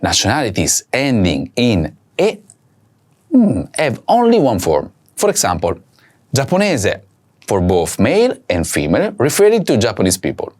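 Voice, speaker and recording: A man teaching a recorded language lesson, saying each word slowly and repeating it for learners to practise. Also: mid-range voice, wildly swooping pitch, darkish tone.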